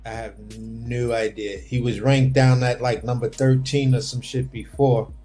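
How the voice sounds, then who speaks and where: A man's voice: mid-range voice, steady tone, measured pace, dark tone, faint music behind. A man hosting a casual boxing talk over a remote livestream call, laid-back and rambling, swearing offhand. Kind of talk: casual chat.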